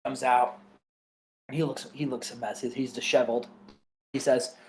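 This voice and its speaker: A man hosting a gaming video, walking through a wrestling game story as play-by-play. He speaks in a mid-range voice with a quick, casual retelling manner. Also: mid-range voice, flat delivery, poor audio. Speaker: gaming channel host. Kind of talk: narrating a wrestling game playthrough.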